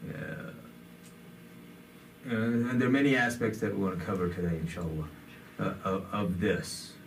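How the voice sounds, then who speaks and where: A man's voice: low-pitched, normal speed, distant mic, slight background noise. A man giving a conversational sermon, with many fillers, in a community center hall. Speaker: imam.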